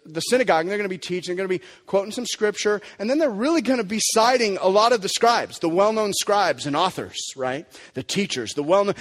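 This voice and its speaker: A man preaching a sermon as pastor, emphatic and animated, sometimes dropping to a quiet, low delivery. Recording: long hall reverb.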